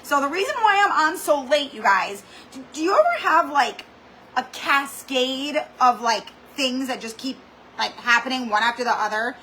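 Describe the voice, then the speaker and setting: A woman with a high, bright, ringing voice hosts a casual craft livestream. She tells stories animatedly and dramatically, peppering every sentence with "like.". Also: normal speed, slight background noise, low-quality recording. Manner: animated, dramatic storytelling with lots of "like". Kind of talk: chatty livestream storytelling. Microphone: computer or camera mic for a live stream.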